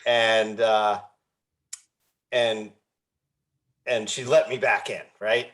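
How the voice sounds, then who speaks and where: A man's voice: on the low side, level tone, drawn-out words, a bit bright. A man in his fifties, a guest on an interview podcast, telling a personal story candidly with frequent restarts and repeated words. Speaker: guest, founder of a recovery movement.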